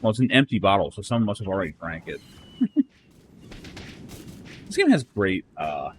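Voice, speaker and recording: A man's voice: lowish voice, wildly swooping pitch, moderate pace, a little hiss or hum. A man casually commenting while he plays a game, thinking aloud and reading game text. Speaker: streamer.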